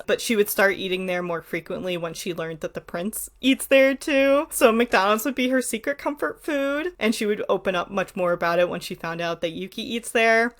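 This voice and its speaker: A woman's voice: mid-range voice, a bit bright. Young female YouTuber, casual and playful, mid-range voice. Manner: chatty and playful, lots of "like" and little laughs. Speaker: anime commentary YouTuber. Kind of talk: casual solo commentary.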